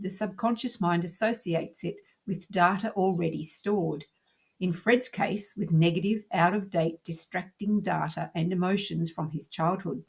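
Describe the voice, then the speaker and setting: A woman with a slightly husky, lower voice reads a scripted lesson. Her delivery is calm and measured, laying out each idea step by step. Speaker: teacher. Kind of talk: scripted narration.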